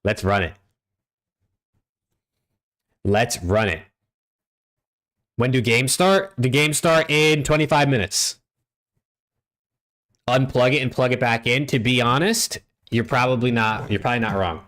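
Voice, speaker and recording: With a fairly bright, animated mid-range voice, he speaks unhurriedly and pauses often. The young man, from the US, hosts a live-stream watch party on a desk mic at home, laid-back and profane as he talks to chat and calls out usernames.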